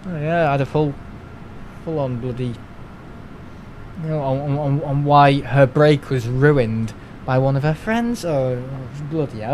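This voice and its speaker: A man's voice: on the high side, normal speed, slight background noise, low-quality recording. A young man, chatting casually on a live stream, rambling and grumbling as he talks. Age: young adult. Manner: rambling, grumbling, mimics other people in asides.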